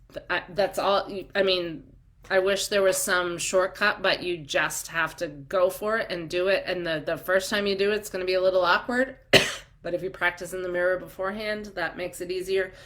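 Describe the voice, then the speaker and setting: A woman's voice: medium pitch, a bit bright. A woman in her forties coaching doulas in a live-streamed chat, upbeat and encouraging, reading out viewer comments with frequent ums.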